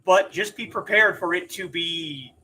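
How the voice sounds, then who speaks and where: Man, 40s, game streamer, jokey casual commentary, high pitch, bright tone. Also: a little slow, slight background noise. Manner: chatty, animated and jokey.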